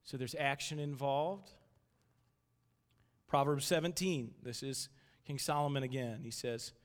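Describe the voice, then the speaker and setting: A man's voice: medium pitch, steady tone, unhurried, long pauses. A man in his thirties preaching a casual sermon, chatty and full of restarts, telling family stories. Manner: conversational, restarts often, acts out voices in anecdotes. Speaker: pastor. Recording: long hall reverb.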